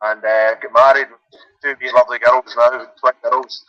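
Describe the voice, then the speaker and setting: A man's voice: medium pitch, flat delivery, moderate pace, pushed and bright, dry recording. Glaswegian male caller, laid-back and joking, lo-fi phone sound. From Glasgow. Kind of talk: casual phone-in chat. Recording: dull lo-fi phone call.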